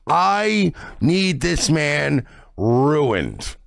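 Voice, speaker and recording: A man's voice: fairly high pitch, big pitch swings, drawn-out words, creaky, dry recording. Drunk, whiny man on stream. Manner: whiny, aggrieved, slurring. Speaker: streamer in clip.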